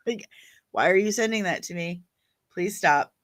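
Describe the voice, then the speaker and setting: Slow-talking woman hosting a livestream. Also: on the low side, fairly bright tone. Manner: opinionated and chatty, reacting to viewer comments. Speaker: livestream host reading chat. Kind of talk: casual livestream chat.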